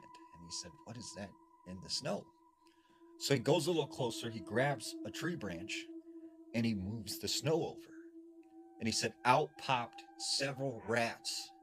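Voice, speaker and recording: A man dramatically retelling a scary story, his voice swinging from loud to hushed. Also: lowish voice.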